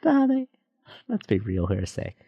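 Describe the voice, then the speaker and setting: Deadpan joking young Irish man. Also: medium pitch, moderate pace, dry recording, dull audio. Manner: deadpan joking, swears casually. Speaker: podcast co-host. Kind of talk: casual chat.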